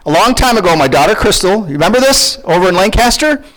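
A middle-aged male pastor delivers a conversational sermon with a fairly high voice. His pitch rises and falls a lot as he talks. He keeps putting questions to his listeners. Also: fast, rough recording. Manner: animated, conversational preaching with questions to the congregation.

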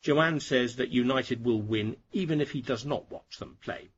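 Slow, husky man teaching English. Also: mid-range voice, muffled recording. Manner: slow, clear and deliberate for learners. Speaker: English teacher, podcast host. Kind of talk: scripted lesson narration.

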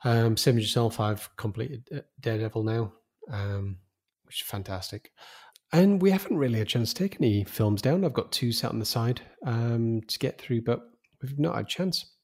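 A man's voice: mid-range voice, normal speed, darkish tone. A man co-hosting a podcast in casual chat, easygoing and steering the conversation. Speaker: podcast co-host.

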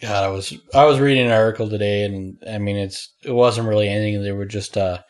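A man in a casual podcast chat, talking hesitantly with many pauses and fillers. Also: lowish voice, fairly even intonation. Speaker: podcast co-host.

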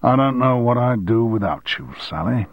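A man's voice: medium pitch, animated, normal speed, no echo, muffled recording, close to an everyday voice. A man voicing a commanding middle-aged male newspaper boss who gives curt orders.

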